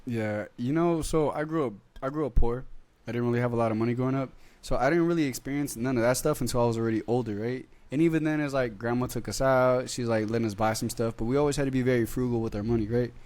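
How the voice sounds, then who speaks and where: A man's voice: mid-range voice, fast talker, a little mellow. A young man hosting a podcast in casual chat, talking loosely with lots of slang. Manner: laid-back slang-heavy talk. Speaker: podcast host.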